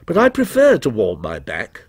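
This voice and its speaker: A man voicing a brooding, mysterious male stranger who asks slow, probing, needling questions. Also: mid-range voice, huge pitch swings, breathy edge, no echo. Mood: insinuating.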